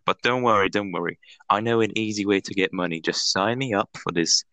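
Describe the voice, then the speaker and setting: Man playing a smug little sausage dog, laid-back and low, storytelling. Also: brisk, sharp tone, no echo. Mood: cocky. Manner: laid-back, reassuring, slangy. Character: cocky talking male sausage dog.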